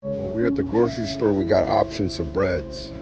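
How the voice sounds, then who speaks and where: Man in a low register giving a casual hands-on demonstration, dull lo-fi sound, loud music underneath. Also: normal speed.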